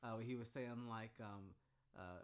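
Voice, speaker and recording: A man's voice: lowish voice, steady tone, a little slow, clean tone. A man co-hosting a podcast, rambling casually with lots of fillers. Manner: rambling, filler-heavy, self-described scatterbrained. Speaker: podcast co-host. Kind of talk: casual chat.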